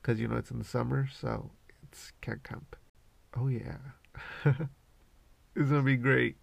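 A man hosts his podcast in a loose, rambling monologue, swearing nearly every sentence in a relaxed way. His mid-range voice carries a gravelly fry. The recording is dry and close to the mic. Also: mid-range voice, measured pace, no echo. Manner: swears constantly, laid-back and rambling. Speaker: podcast host.

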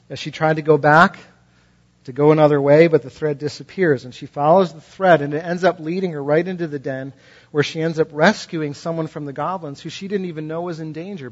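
A man's voice: fairly high pitch, lo-fi sound. A male pastor preaching a sermon, telling stories with passion and emphatic repetition.

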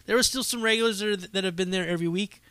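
A man's voice: high-pitched, racing, pushed and bright, smooth, dry recording. A man hosting a podcast, telling stories in a profane, rambling, casual monologue with frequent laughs. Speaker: podcast host and comedy show runner.

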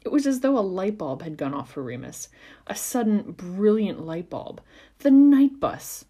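A woman reading a fan fiction chapter aloud for a podcast in a measured, expressive storytelling manner. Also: medium pitch, slightly rough. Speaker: podcast reader.

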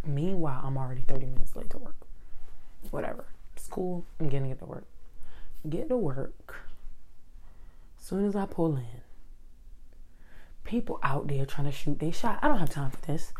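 A woman with a low, mellow voice talks straight to her viewers in a casual rant. She tells her story in an animated way, acts out the people in it and keeps turning to the audience with asides. She speaks into a handheld mic. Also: normal speed.

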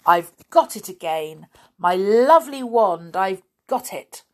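A woman voicing a mischievous, boastful male pixie in a storybook reading, talking in an excited, cheeky way. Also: lowish voice, slow, slightly rough, exaggerated voice. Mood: delighted.

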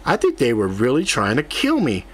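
A man's voice: medium pitch, wildly swooping pitch, normal speed, fairly bright tone, slightly rough, heavily acted. A man playing a tired but determined middle-aged mage in an audiobook, speaking in short, matter-of-fact lines.

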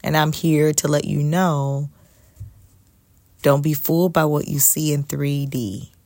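A woman coaching on faith and abundance in a soft, meditative way, often dropping to a whisper for emphasis. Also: sits low, fairly even intonation, unhurried, no echo, studio quality. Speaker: spiritual life coach. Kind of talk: slow reflective faith talk to camera.

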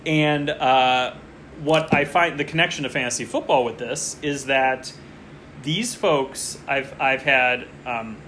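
A man's voice: mid-range voice, slow, fairly bright tone, slight background noise. A man co-hosting a casual podcast, chatting and rambling as he follows a fantasy football draft and gets distracted mid-story. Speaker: podcast co-host.

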